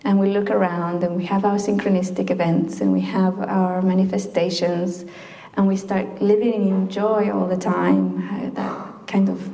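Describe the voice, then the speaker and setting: A woman's voice: medium pitch, flat delivery, normal speed, mellow. A woman from Chile giving an informal talk to a group in a library meeting room, chatty, with frequent laughs and fillers. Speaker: speaker addressing a group. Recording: echoey room.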